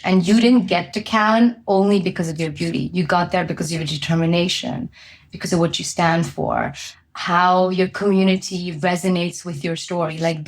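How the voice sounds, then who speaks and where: A woman being interviewed as a company founder, telling a personal story candidly with many fillers. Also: lowish voice.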